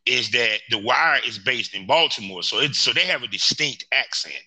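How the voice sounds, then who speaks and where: A man's voice: medium pitch, moderate pace, rough recording. An American man co-hosting a casual chat, swearing freely and laughing as he tells stories. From United States. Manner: profane, laughing, animated storytelling.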